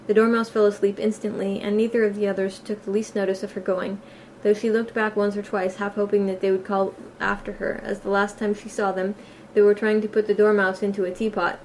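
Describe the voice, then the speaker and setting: A woman narrating a storybook audiobook in a plain, steady reading voice with a few small slips. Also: medium pitch, fairly quick, few pauses, slight background noise. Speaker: audiobook reader.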